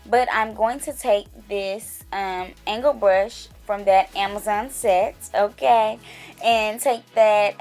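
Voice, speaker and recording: A young woman chats her way through a makeup tutorial, speaking straight to her viewers in a relaxed, conversational voice at an ordinary pitch. Soft music plays faintly underneath. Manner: chatty, talks straight to viewers. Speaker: beauty vlogger. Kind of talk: casual makeup tutorial narration.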